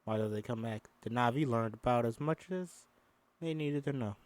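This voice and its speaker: A man's voice: mid-range voice, moderate pace, darkish tone, no room sound. Chatty, swearing man reading a script. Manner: chatty and profane, stumbles over words. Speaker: host. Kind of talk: casual script read-through with commentary.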